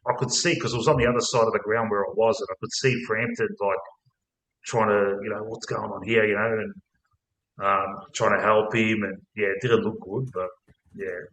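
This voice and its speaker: Aussie bloke ranting about footy, swears a lot, kinda low voice, echoey room. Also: male voice, a little fast. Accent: Australian. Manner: blunt, sweary and excitable. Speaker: podcast host. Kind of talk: casual football chat. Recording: roomy echo.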